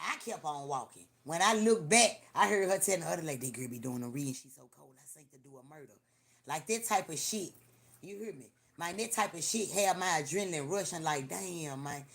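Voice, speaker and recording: A woman hosting a livestream, telling profane, animated stories in casual chat with lots of repetition. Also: low-pitched. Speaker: livestream host. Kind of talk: casual storytelling to a live audience.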